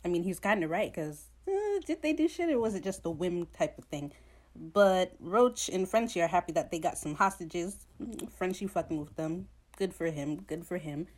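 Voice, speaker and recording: A woman casually recapping a TV episode, blunt and profane, jumping into quick character voices as she retells scenes. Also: lowish voice, big pitch swings, a little mellow. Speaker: podcast host recapping a TV episode.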